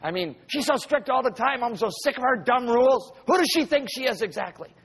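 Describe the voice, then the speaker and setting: A man's voice: extremely high pitch, lively intonation, brisk, fairly bright tone, slightly rough, pitched above the performer's own voice, exaggerated voice. A man voicing a whiny, ungrateful teenager who mocks his parents with petulant complaints.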